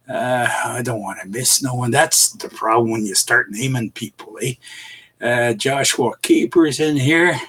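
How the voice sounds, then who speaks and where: A man's voice: mid-range voice, a bit bright, husky. A middle-aged man hosting a casual live stream, chuckling often and tossing in "eh" as he greets viewers by name. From Canada. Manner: chuckling, folksy, halting with many "eh"s and fillers. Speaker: livestream host.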